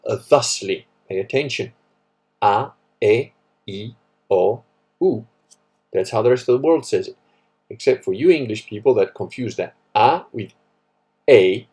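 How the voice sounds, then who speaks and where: Husky man rambling. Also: on the low side, a little mellow. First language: Italian. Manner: rambling, profane, wry. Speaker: livestream host. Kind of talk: casual livestream chat reading comments.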